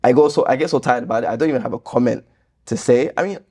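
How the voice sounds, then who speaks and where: A man's voice: rapid-fire, husky. A man hosting his channel, reading viewer comments aloud and answering them with sarcastic exasperation. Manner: exasperated, sarcastic, lively pitch jumps. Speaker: YouTube host reacting to comments.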